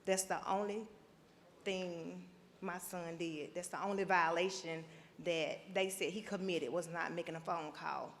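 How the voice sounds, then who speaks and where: A middle-aged woman giving personal testimony on a panel, halting and emotional, with long pauses. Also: on the low side, fairly even intonation, slight background noise. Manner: halting, emotional, slow and deliberate. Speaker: panel guest, mother of a prisoner. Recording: reverberant conference hall.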